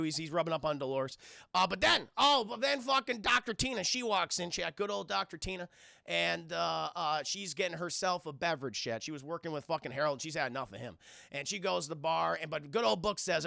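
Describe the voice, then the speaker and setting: A man recapping a film live for his chat in a loose, profane, rambling way, turning to address the chat constantly. His voice is high and very gravelly, with a bright edge. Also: no room sound, clean studio sound. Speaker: film reviewer streaming live. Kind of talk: casual profane livestream movie recap.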